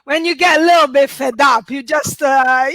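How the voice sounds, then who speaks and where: Doing stand-up over a video call from her home, a woman in her forties from Italy jokes at her own expense and laughs as she delivers her chatty lines. Her Italian-accented voice sits high, fairly bright, at a moderate pace, on a dry recording.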